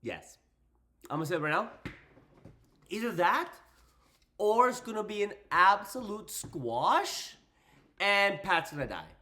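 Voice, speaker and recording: Animated young man, bright voice. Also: high voice, measured pace, pauses often. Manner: animated, slangy, puts on voices for quotes. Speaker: wrestling commentator. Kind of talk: casual wrestling recap.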